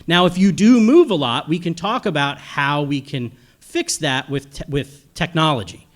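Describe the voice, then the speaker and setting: A man's voice: fairly high pitch, moderate pace. A middle-aged man giving a casual panel lecture on audio to a room, rambling and often checking in with "okay?" and "right?". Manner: chatty and rambling, asks "okay?" and "right?" after points. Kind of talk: live panel lecture to an audience.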